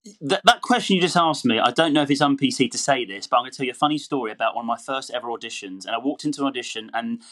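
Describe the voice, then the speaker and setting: A man's voice: mid-range voice, rapid-fire, fairly bright tone. A man talking as a podcast guest, telling stories animatedly and laughing easily. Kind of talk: casual interview chat.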